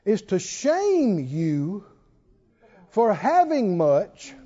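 A man with a strikingly high, mellow voice preaches a sermon in slow, drawn-out phrases. He presses his points with repeated rhetorical questions, and his pitch swings widely. The recording sounds dull and lo-fi. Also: wildly swooping pitch.

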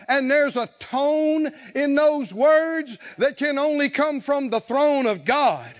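High-voiced fervent preacher, slow and dull-sounding. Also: male voice. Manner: storytelling with rising fervor and shouted lines. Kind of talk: sermon. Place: church conference hall.

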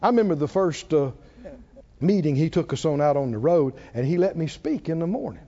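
A man's voice: fairly high pitch, fairly quick, lo-fi sound. An older male pastor preaching a sermon, telling stories with frequent laughs and calling on the congregation to answer back. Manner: animated storytelling, laughing often, calling for congregation responses.

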